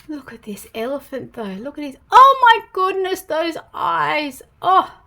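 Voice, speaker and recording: An Australian woman reads a picture book to toddlers in a high, bright, very animated voice. She speaks very slowly and swings her pitch widely, gasping in surprise as she goes. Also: creaky. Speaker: storytime host reading picture books. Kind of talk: reading a picture book aloud to young children.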